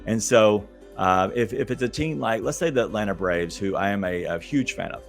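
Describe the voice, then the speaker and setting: A man's voice: on the low side, normal speed, gravelly, soft background music. A man hosting a podcast, giving casual sports betting advice in a chatty, hesitant way straight to his listeners. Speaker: podcast host.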